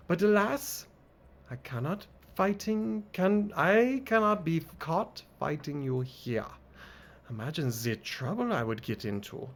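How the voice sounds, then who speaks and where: A man voicing a flamboyant, flirtatious female jester who speaks with a put-on French accent and drops in French words. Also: on the high side.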